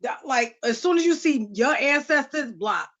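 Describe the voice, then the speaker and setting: Frank woman host on a casual podcast, slightly high voice, muffled lo-fi sound. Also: expressive, moderate pace. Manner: frank, casual, swears freely. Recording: dull lo-fi podcast audio.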